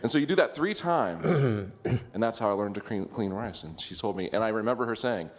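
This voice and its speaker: Self-mocking man with a low voice. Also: animated, fairly quick. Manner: self-deprecating, laughing as he talks. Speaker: class participant. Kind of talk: casual sharing in a group class.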